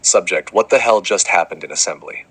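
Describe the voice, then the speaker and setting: A deep, husky male voice with a sharp, tense edge reads out comic letters to parents. He sounds like a fed-up school principal at the end of his rope, exasperated and dramatic, with frequent swearing. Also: fairly quick, low-quality recording. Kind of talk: comedic scripted narration.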